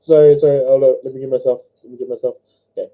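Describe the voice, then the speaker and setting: A young man with a New Zealand accent, hosting a casual livestream, telling jokes and stories, giggling often and squeaking when he voices characters. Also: steady tone, quick pace. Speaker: livestream host. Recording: dull lo-fi livestream audio.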